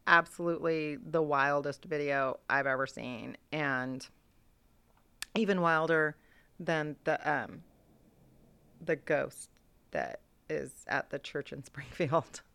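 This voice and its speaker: Low-voiced woman in casual chat. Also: gravelly, pushed and bright, clean tone. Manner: chatty, backs up her co-host with quick agreement. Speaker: podcast co-host.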